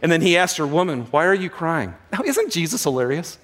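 Delivering a sermon briskly, a male pastor moves between quiet, dramatic passages and loud, excited outbursts, tossing in jokes as he goes.

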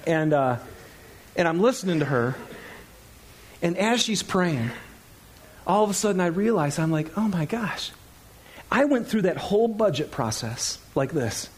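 A middle-aged male pastor with a notably high voice delivers a sermon in church. He talks in a loose, conversational way, laughs often, and acts out little quoted lines. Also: very animated, moderate pace, pauses often, breathy edge. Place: church sanctuary.

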